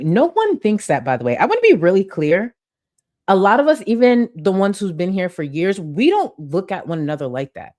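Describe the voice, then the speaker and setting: Blunt, profane woman streamer, lowish voice. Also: darkish tone. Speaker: commentary streamer. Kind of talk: casual commentary. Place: home room with ring light. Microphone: desk mic with webcam.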